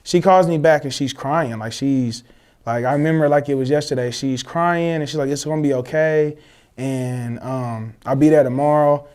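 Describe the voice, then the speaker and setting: A young man, telling a personal story in casual, slangy, animated chat, acting out the voices of others. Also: mid-range voice, moderate pace, smooth. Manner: animated, swears freely, slangy, acts out quoted voices. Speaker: guest telling his story.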